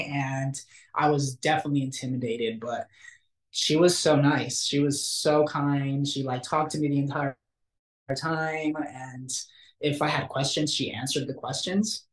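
A young man, an actor, telling a story in a casual interview, animated and acting out the quotes. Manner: animated, acts out quotes with big pitch jumps. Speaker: actor guest. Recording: roomy echo.

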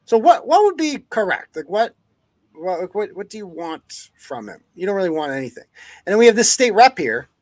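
A man's voice: sits high, sing-song, fairly quick, darkish tone, dry recording. A man hosting a live news-commentary podcast, ranting with heavy profanity and sarcasm. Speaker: podcast host.

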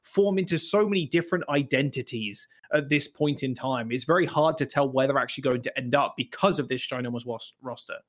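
A man's voice: medium pitch, a little fast, few pauses, fairly bright tone. A man giving esports predictions in a casual panel chat, hesitant and restarting phrases.

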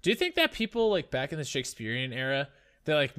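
A young man co-hosting a podcast in a loose, joking chat. He rambles excitably, and his bright voice jumps around in pitch. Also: fast talker, smooth. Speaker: podcast co-host. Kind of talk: casual chat.

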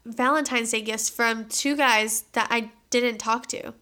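A woman's voice: on the high side, fairly even intonation, measured pace, sharp tone. A young woman telling stories in casual podcast chat, peppering her talk with "like" and "literally". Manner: chatty storyteller, fillers like "like" and "literally".

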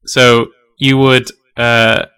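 A man's voice: medium pitch, level tone, drawn-out words, sharp tone, clean tone. A man narrating a tabletop role-playing game as game master, casual and full of fillers, laughing often.

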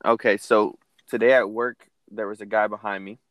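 A young man co-hosting a casual chat, telling rambling, animated stories with frequent cursing. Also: on the low side, normal speed, dry recording.

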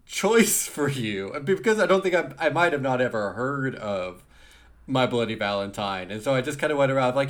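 A man co-hosting a music podcast in relaxed conversation. He laughs often and stumbles into repeated words as he talks. His voice sits in an ordinary middle pitch. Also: moderate pace. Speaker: podcast co-host. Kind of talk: casual chat.

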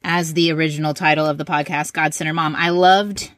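A woman's voice: low voice, fairly even intonation, no echo. A woman hosting a podcast, affirming her guest and laughing along in casual chat. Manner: warm listener, quick to laugh and affirm. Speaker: podcast host.

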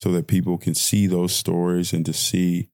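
A man's voice: low voice, level tone, moderate pace, a little mellow, no room sound. A young man hosting a podcast, delivering an impassioned audio-diary rant with lots of repeated phrasing. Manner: impassioned ranting, repetitive phrasing. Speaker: podcast host.

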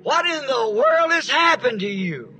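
Gruff, incredulous shop boss, voiced by a man; high, bright tone. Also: sing-song, a little slow, heavily acted, low-quality recording. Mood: baffled.

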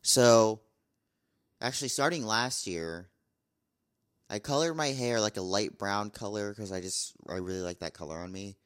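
Lowish young guy venting to camera, blunt and fed up, repeats himself a lot. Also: normal speed, a bit bright, clear, resonant tone. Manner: exasperated, blunt, repetitive. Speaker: vlogger. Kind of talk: casual ranting vlog.

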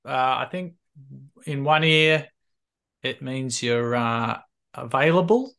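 A man co-hosting a podcast, hesitant and dry, sliding deadpan jokes into casual chat. His voice has a bright, sharp edge. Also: mid-range voice, takes it slowly, vocal fry. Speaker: podcast co-host.

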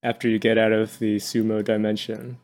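A man co-hosting a podcast in casual chat, relaxed, laughing often and adding quick jokes. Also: fairly low pitch. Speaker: podcast co-host. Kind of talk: casual chat about manga.

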